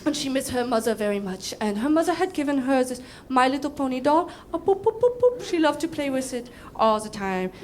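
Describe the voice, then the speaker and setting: A young woman comedian with a high-pitched, expressive voice tells a stand-up story briskly, with hardly any pauses and slight background noise. She swears casually, giggles often, and breaks into laughter.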